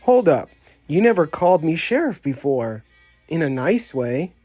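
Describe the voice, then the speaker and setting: A man's voice: fairly high pitch, sing-song, a little slow, warm tone, slightly rough, no room sound, soft background music, heavily acted. A man voicing a spirited female cowgirl toy with a folksy, hollering manner in a storybook reading. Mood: excited.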